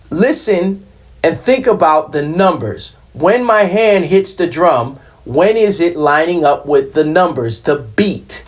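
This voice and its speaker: A man's voice: a little high, animated, slow, soft background music. A man giving a casual hand percussion lesson, explaining plainly, counting beats aloud and checking in with the listener. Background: hand drum playing.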